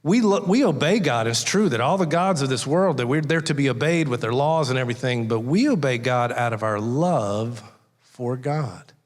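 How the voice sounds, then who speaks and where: Guy preaching a relaxed folksy sermon, tells stories, big church echo behind him, normal pitch. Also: moderate pace. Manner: folksy, storytelling, acts out voices in anecdotes. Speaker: guest preacher. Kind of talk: conversational sermon. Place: church sanctuary. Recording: long hall reverb.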